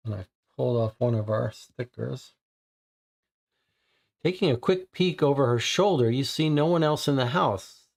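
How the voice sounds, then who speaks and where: A man's voice: mid-range voice, normal speed, creaky, darkish tone. A man playing a co-op mystery board game, reading the case entries and thinking aloud, puzzled about the clues. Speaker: game player and host.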